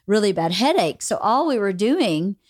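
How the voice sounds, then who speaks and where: A woman's voice: medium pitch, normal speed, no echo, clean studio sound. A woman hosting a podcast, chatting casually and telling stories with candid, blunt swearing. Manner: candid, swears freely, animated storytelling. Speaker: podcast host. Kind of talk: casual chat.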